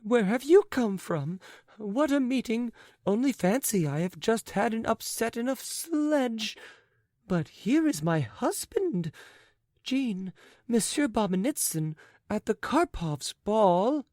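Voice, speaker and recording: A woman's voice: on the high side, big pitch swings, slow, mellow, no echo, studio quality. Twittering society lady, read by a woman. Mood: chattering. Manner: twittering, affected. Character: flighty, chattering society lady, young. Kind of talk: audiobook character reading.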